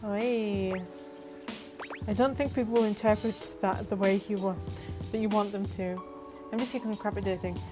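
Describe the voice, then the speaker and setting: A woman playing a dating video game, joking with a dry, deadpan delivery. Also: mid-range voice, moderate pace, music in the background. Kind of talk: casual game commentary.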